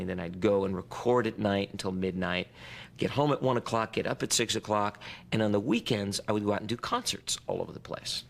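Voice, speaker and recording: A man's voice: low voice, vocal fry, slight background noise. A man in a documentary interview, recalling his past in a plain, reflective way.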